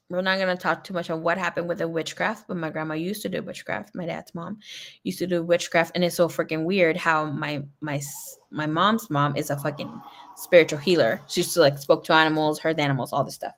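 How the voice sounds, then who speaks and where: A woman's voice: low voice, fairly even intonation, normal speed. A woman tarot reader chatting casually on a livestream, telling rambling stories full of swearing and laughter. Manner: chatty, profane storytelling; laughs often.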